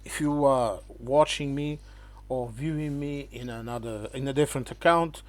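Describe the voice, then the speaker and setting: A man's voice: medium pitch, moderate pace. A man, talking straight to the camera to rebut critics in an emphatic, lecturing way. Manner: lecturing, keeps asking "okay?"; emphatic, addresses the viewer as "my friend". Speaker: channel host.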